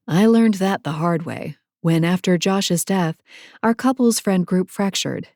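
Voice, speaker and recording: A woman narrating a first-person romance audiobook in a measured, wry storytelling manner. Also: on the low side, a little mellow, no room sound, clean studio sound.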